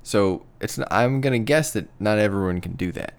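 A man's voice: lowish voice, moderate pace, clean tone. A man co-hosting a casual podcast chat, talking in a thoughtful, hedging way. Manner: thoughtful, hedging, apologetic about pronouncing names. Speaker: podcast co-host.

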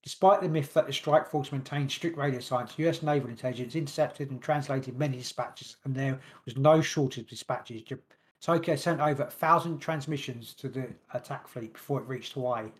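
A man hosting a podcast, reading long passages from his notes quickly and stumbling over words now and then. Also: mid-range voice. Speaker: podcast host. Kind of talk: casual podcast chat, reading notes aloud.

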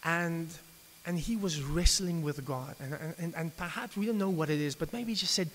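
A man's voice: on the high side, moderate pace, few pauses, fairly bright tone. A man preaching an evening sermon, talking conversationally and often stumbling and restarting his sentences. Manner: conversational, with frequent stammered restarts. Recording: reverberant hall with faint hiss.

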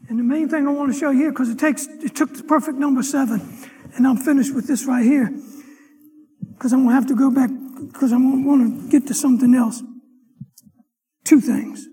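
A high, light male voice rings out in a church hall, its words trailing off in a long echo. He is a deacon teaching a Sunday morning Bible lesson, reading the verses with swelling emphasis. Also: fairly even intonation, moderate pace, long pauses. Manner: emphatic, swells loud on scripture verses and exhortations. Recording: long reverb of a large hall.

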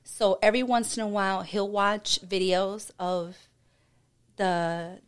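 A woman's voice: medium pitch, fairly even intonation, slow pace, clear, resonant tone. A woman in casual chat, earnestly telling a story about her partner. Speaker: podcast guest, partner of a host.

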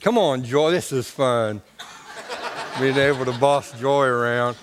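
A man's voice: mid-range voice, measured pace, in a large hall, background noise. A man preaching a sermon in a homespun, colloquial way, telling stories and talking to the congregation. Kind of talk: folksy storytelling sermon.

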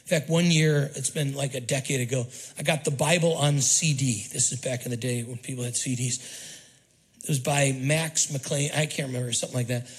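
A man's voice: mid-range voice, fairly even intonation, a little fast, low-quality recording. A man preaching a sermon as pastor, emphatic and repetitive, prompting the congregation to call out answers. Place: church auditorium.

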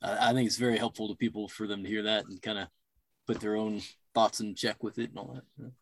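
A man's voice: fairly low pitch, fairly even intonation, fast, no room sound. Easygoing male podcast host, dry sound. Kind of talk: casual interview.

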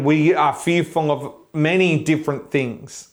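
A man's voice: on the high side, fairly even intonation, unhurried, hardly any pauses. A male pastor preaching an online sermon with fervent, declaring encouragement and repeated questions for emphasis.

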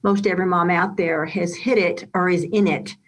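A woman's voice: lowish voice, steady tone, normal speed. A woman co-hosting a podcast interview, affirming and encouraging her guest. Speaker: podcast co-host.

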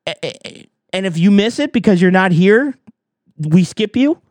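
A man's voice: sits high, lively intonation, moderate pace, a little mellow, no echo. A man giving heated commentary on trucking, arguing with rhetorical questions. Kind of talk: reaction commentary.

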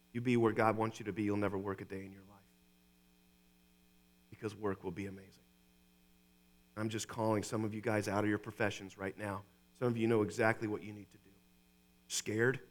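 A male pastor preaching a sermon in a church, excitable and talking to the congregation directly, often repeating his phrases. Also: mid-range voice. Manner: excitable, repeats phrases, addresses listeners as "you guys".

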